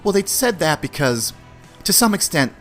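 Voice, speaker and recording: Very animated and a bit bright, with a fairly high pitch, a man hosts his own podcast, giving blunt opinions laced with slang and swearing. He acts out short dialogues in quick put-on voices while faint music plays behind.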